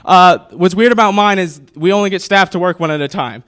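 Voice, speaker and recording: A man's voice: high voice, brisk, a bit bright, clean tone. Nervous, rambling young male comedian. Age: 20s. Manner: nervous, rambling, with many fillers. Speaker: stand-up comedian. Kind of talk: stand-up comedy set. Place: comedy stage before a live audience.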